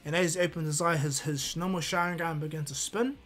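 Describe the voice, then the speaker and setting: A man's voice: on the high side, fairly even intonation, brisk, fairly bright tone. Rambling male fan-story teller. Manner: rambling, many restarts and fillers. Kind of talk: casual improvised fan-fiction narration.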